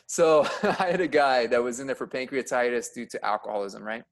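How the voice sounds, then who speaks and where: Telling stories on a podcast, this emergency room nurse is lively and casual, his speech full of fillers. When excitement hits, his voice climbs loud and high, and overall he talks a little fast.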